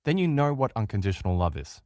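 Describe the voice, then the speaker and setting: A man's voice: on the low side, big pitch swings, fast talker, dark tone, dry recording, clean studio sound. A middle-aged man with an Australian accent teaching a relationship course in an earnest, emphatic way, speaking straight to his listeners. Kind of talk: recorded lecture.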